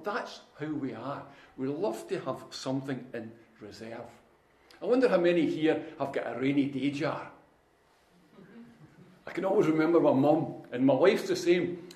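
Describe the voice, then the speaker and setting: A middle-aged man preaches a sermon in an easy, folksy storytelling manner. He slips humorous anecdotes in among his points. His voice sits at an ordinary pitch and carries a roomy echo. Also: darkish tone. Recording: echoey room.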